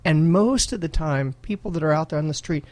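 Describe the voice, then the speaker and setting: A man who is a pastor, chatting casually on a podcast, earnest and laughing often, with halting restarts. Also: fairly high pitch, a little mellow.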